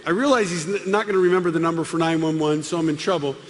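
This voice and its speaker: A middle-aged man giving a comic testimony to a live audience, acting out the dialogue with lively voices. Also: on the high side, racing. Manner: animated, acts out dialogue with voices. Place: large hall with live audience. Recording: long hall reverb, faint room noise.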